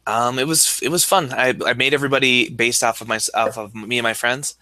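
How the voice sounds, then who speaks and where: A man co-hosting a casual podcast, relaxed, giving quick verdicts on games. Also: medium pitch, no echo. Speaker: podcast co-host. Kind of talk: casual chat.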